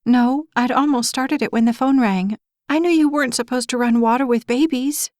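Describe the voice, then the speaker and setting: A panicked young mother in her early twenties, as a woman narrator puts her on, her voice pushed up high and tight with fear. She talks in a breathless, high-strung rush. The recording is dry and close, with no room sound. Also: normal speed, warm tone, dry recording. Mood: anxious. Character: frantic young mother near hysteria, about twenty.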